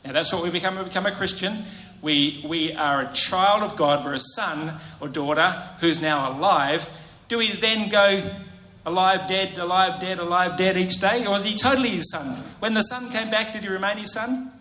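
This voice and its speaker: Bright-voiced preacher in an echoey church. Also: male voice, high voice, moderate pace, slight background noise. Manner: animated, asks the congregation questions. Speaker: pastor. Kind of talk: sermon.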